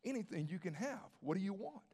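A man's voice: sits high, sing-song, a little fast, dark tone, slightly rough, full character voice. A man voicing a friendly generous toy store owner.

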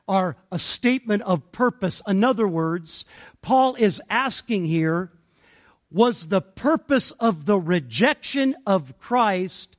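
Slow, high-voiced male preacher. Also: animated. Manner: deliberate, emphatic preaching with pauses. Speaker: pastor. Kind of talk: expository sermon.

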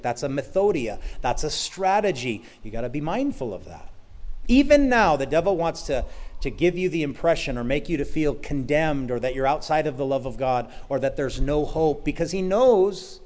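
A man's voice: a little high, slight background noise. Emphatic man preaching a sermon. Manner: emphatic, swings between loud declarations and quiet asides; sarcastic. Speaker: pastor.

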